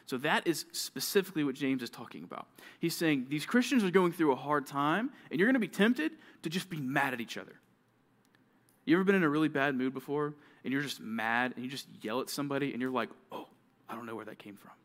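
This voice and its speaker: Speaking to a room of junior high kids, this youth pastor has a somewhat high voice and a lively, chatty delivery. Every so often he drops into brief mock voices of complaining kids.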